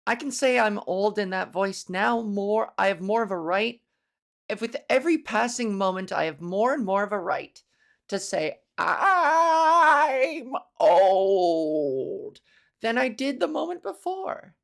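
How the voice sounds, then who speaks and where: A woman with a touch of vocal fry hosts her own comedy podcast alone. She rambles playfully from one silly thought to the next and relishes old-fashioned, grandiose words. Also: mid-range voice, lively intonation, normal speed. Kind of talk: casual solo podcast monologue.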